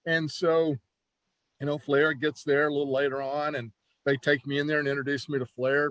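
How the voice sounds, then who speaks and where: A man who is a former pro wrestler, telling stories in a casual, animated interview with lots of "you know" and restarts. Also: on the high side, moderate pace, no echo.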